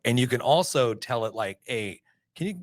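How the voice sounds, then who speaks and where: A man's voice: medium pitch, moderate pace, slight background noise. A man with a Texan accent co-hosting a barbecue podcast in casual chat, telling stories and acting out both sides of conversations. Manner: animated storyteller, acts out quoted exchanges. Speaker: podcast co-host.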